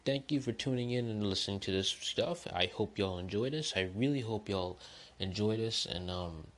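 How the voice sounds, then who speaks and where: A man doing an impression of an unenthusiastic male YouTube history narrator, talking in a flat, low-energy way. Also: moderate pace, close to an everyday voice. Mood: flat, bored. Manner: monotone, low-energy delivery.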